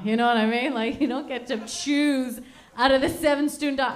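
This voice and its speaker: Woman, high-pitched, stand-up host, chatty, swears a lot, comedy club stage. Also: fast talker. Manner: profane, chatty, self-deprecating.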